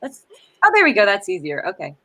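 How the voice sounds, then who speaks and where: A woman hosting a casual livestream chat over a video call, chatty and quick to laugh. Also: medium pitch, huge pitch swings, sharp tone, low-quality recording. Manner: giggly, chatty. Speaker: livestream host.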